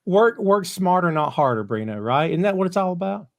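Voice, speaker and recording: A man hosting a casual podcast chat who tells animated anecdotes. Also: sits high, fairly quick. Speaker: podcast host.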